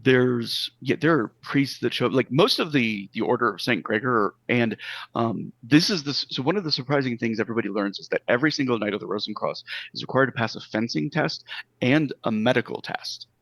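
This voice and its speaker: A man's voice: medium pitch, animated, fairly quick, gravelly, a bit bright, dry recording. A man narrating a tabletop game as game master, rambling with many fillers.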